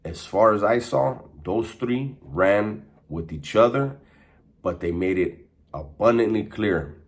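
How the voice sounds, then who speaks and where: A deep-voiced man tells stories from his prison days in a loose, unscripted monologue. He talks in streetwise slang, swears freely, and doubles back on his words as he goes. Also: expressive, takes it slowly. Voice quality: profane, conversational. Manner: streetwise slang, frequent restarts and fillers. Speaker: former inmate telling prison stories. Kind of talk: casual storytelling monologue.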